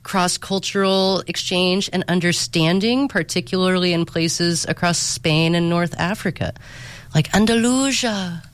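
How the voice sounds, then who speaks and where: A man co-hosting a history podcast, chatty and quick to chime in. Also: sits high, fairly bright tone, clean tone. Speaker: podcast co-host. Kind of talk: semi-scripted history podcast.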